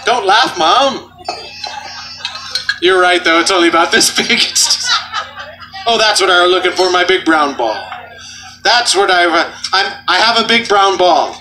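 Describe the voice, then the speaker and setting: A man performing as a street juggler, bantering and joking loudly with an outdoor festival crowd. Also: high-pitched, unhurried, long pauses, noisy background. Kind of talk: comedic stage patter.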